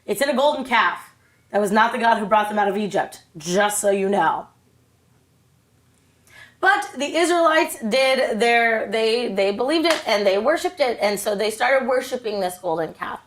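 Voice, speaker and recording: A woman's voice: a little high, animated, moderate pace, a bit bright. A woman teaching a children's church lesson, retelling a Bible story in a bubbly, chatty way with playful asides.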